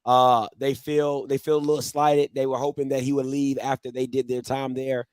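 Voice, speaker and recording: A man's voice: medium pitch, flat delivery, normal speed, darkish tone, clear, resonant tone, dry recording. A man hosting a sports talk show, talking emphatically about football and repeating phrases for emphasis. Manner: emphatic, leans on "listen" and "at the end of the day". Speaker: show host.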